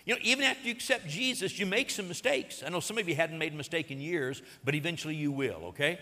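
A man's voice: a little high, expressive, fast talker, few pauses, sharp tone, long reverb tail. A man preaching a sermon as pastor, earnest and plain-spoken, retelling a parable.

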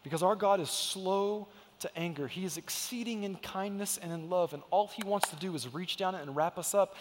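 A man's voice: sits high, normal speed, big-room sound, background noise. A man in his thirties preaching a sermon in a church sanctuary, telling stories emphatically and acting out the quotes. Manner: emphatic storytelling, acts out quotes. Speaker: pastor.

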